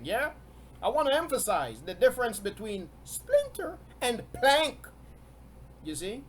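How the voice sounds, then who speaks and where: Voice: mid-range voice, expressive, measured pace, slight background noise. A preacher giving a sermon, stressing points by repeating key words and often chuckling between them.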